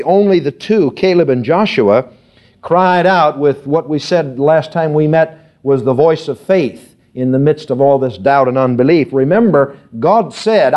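A man's voice: on the high side, darkish tone. A man preaching a sermon as pastor, rising and pressing hard on key phrases. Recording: dull lo-fi sound.

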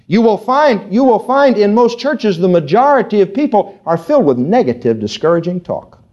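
Male pastor, slightly high voice, fervent sermon delivery, dull lo-fi recording. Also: very animated, normal speed, darkish tone. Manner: preaching with wide swings, rising and pressing on key phrases. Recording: dull lo-fi sound.

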